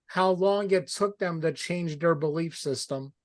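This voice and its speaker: A woman co-hosting an interview, asking long, drawn-out questions. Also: on the low side, no echo. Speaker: podcast co-host. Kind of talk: casual interview.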